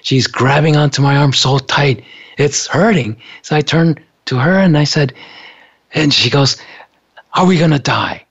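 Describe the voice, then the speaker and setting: A man telling a story in a relaxed, casual way, laughing often between thoughts. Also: fairly high pitch, unhurried, husky. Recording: dull lo-fi sound.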